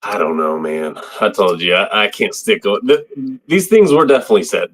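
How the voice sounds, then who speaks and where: A man with a slightly low voice talks in an easy, rambling way, chuckling often. His casual chat meanders along as he co-hosts a podcast. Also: expressive, normal speed, a bit bright. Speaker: podcast co-host.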